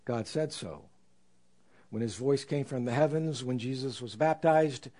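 A man preaching a sermon in an earnest, reflective way, slowing down to stress scripture. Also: medium pitch, warm tone. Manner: earnest, reflective, with slow emphatic scripture quotes.

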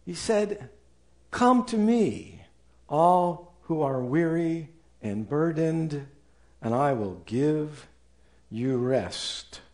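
Man, pastor, sermon, slow deliberate delivery, lively swooping pitch. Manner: preaching with animated rises and quoted voices.

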